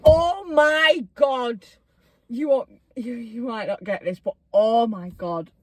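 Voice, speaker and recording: A woman's voice: on the high side, takes it slowly, no echo. A young woman, chatting casually in a parked car, swearing freely and acting out quotes. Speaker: podcast co-host. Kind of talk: casual chat.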